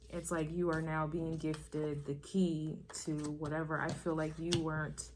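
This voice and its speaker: A woman's voice: deep voice, little pitch movement, unhurried, darkish tone, a little hiss or hum. A woman giving a casual spiritual tarot reading, musing and rambling as her thoughts trail off. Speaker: tarot reader.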